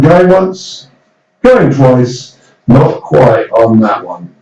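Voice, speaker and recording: Male auctioneer, mid-pitched voice, brisk number-calling with playful coaxing, in an echoey room. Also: big pitch swings, mellow, distant mic, muffled recording, faint music behind. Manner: brisk bid-calling, coaxing bidders with light humour. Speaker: property auctioneer.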